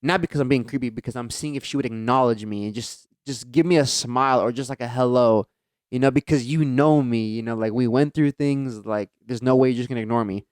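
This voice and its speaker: A young man co-hosting a podcast, telling an earnest and animated story in a casual chat. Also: mid-range voice, brisk, no echo, studio quality. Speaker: podcast co-host.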